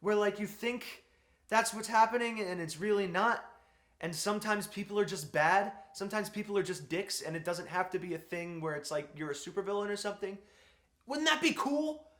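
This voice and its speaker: A man's voice: sits high, lively intonation, normal speed, a bit bright. Exasperated ranting man, echoey room. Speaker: movie reviewer. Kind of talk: ranting film review.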